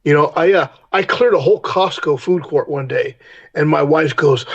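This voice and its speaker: A man's voice: a little high, moderate pace, slightly rough, dull audio. A middle-aged man, a podcast guest, telling candid stories in a blunt, profane way and acting out heated confrontations. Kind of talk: candid storytelling interview.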